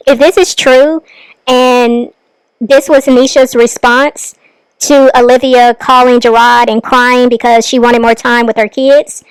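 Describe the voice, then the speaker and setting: A woman with a smooth, slightly high voice comments in a careful, measured way. The sound is dry and close. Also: dry recording, low-quality recording.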